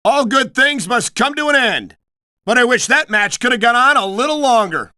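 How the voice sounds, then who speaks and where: A middle-aged man calling play-by-play for a wrestling video game, earnest and excitable, a bit prim and scolding. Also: very high-pitched, normal speed, dry recording, clean studio sound. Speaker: play-by-play commentator.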